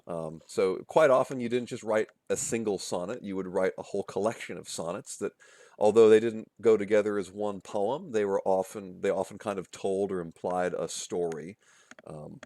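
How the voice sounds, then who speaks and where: A man's voice: fairly low pitch, a little mellow, no echo. A male literature instructor giving a casual recorded lecture, with frequent fillers and restarts, often checking in with "okay?" and "right?". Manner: chants rhythms and rhyme schemes aloud.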